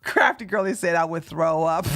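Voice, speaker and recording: A woman streamer giving live reaction commentary, mocking what she watches and often laughing and breaking into shouts. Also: fairly low pitch, expressive, moderate pace.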